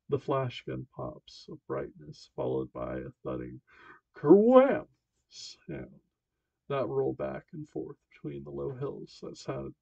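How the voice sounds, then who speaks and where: Male amateur narrator, gravelly fry, stumbles and self-corrects, dead-dry muffled sound. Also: medium pitch, warm tone, dry recording. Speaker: amateur audiobook reader. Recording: dull dry lo-fi home recording.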